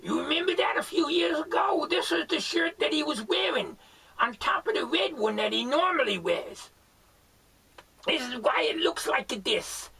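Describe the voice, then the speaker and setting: A rude, bossy hillbilly grouch, as a man puts him on for a homemade comedy bit. The high, gravelly voice swings wildly, and he drags out his words while barking insults. It is heard from well back from the mic. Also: pushed and bright, heavily acted. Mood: indignant. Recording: voice far from the mic.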